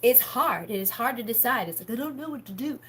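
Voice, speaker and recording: A woman's voice: on the high side, expressive, fairly quick, a bit bright, slightly rough. Rambling woman chatting on a livestream. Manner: rambling, heavy on filler words and swearing. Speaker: spiritual healer hosting a members' live stream. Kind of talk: casual livestream chat.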